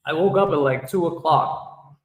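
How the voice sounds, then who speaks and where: A man's voice: a little high, normal speed. A man livestreaming and chatting casually with viewers, rambling and joking as he talks back to the chat. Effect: shower-like echo effect. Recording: echoey reverb effect on voice.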